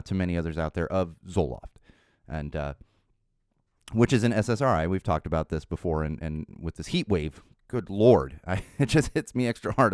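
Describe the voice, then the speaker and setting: A man's voice: deep voice, a little mellow, no echo, clean studio sound. A middle-aged man hosting a podcast, telling stories in a casual monologue that rambles through restarts and asides. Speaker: podcast host.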